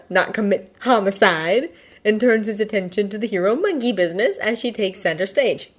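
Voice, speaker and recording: A woman narrating a fanfiction audiobook with an expressive, lively reading. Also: on the low side. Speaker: fanfiction reader.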